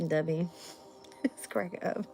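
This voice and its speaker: A woman's voice: lowish voice, expressive, slow, vocal fry, darkish tone. A young adult woman, reading tarot on a live stream, blunt and swearing casually. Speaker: tarot reader.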